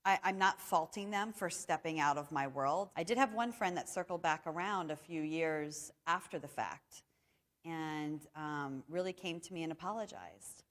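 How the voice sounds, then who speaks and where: A woman's voice: low voice, normal speed, a bit bright, in a large hall. A woman in her thirties speaking earnestly and reflectively in a conversational interview. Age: 30s. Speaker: interviewee, cancer survivor.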